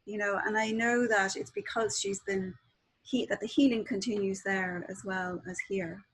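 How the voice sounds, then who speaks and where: A woman author talking as a guest on a video call and reading aloud from her own book in a calm, measured way. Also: mid-range voice, husky, poor audio.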